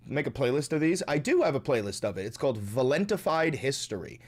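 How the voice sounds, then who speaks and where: A man's voice: medium pitch, big pitch swings, fast talker. A man hosting a livestream, chatting loosely and profanely while reading viewer messages aloud. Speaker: livestream host. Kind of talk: casual stream chat.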